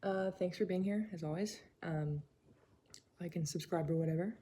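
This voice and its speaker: Speaking at a moderate pace in a lowish voice, an artist chats casually to camera from her indoor studio, full of fillers and side remarks. The recording is echoey, with constant room ambience and a passing train.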